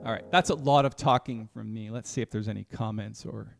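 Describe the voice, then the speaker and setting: A man teaching jazz piano in a live online session, relaxed and thinking aloud as he counts out the beats. His voice has a gravelly edge, and a piano plays clearly behind him throughout. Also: on the low side, a little fast. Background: piano music.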